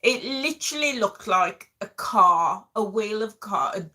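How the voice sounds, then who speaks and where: A woman's voice: medium pitch, expressive, unhurried, pushed and bright. A middle-aged woman, casually telling an emotional story to her viewers as a vlog host. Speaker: vlogger host.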